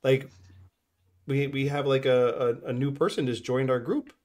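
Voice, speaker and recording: A man's voice: medium pitch, steady tone, normal speed, a little mellow. Guy hosting a podcast, chatty and laughy, mid-range voice, talking into a desk mic. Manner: laughs often, chatty, rambling. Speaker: podcast host. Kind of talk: casual live-stream chat. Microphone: desk microphone.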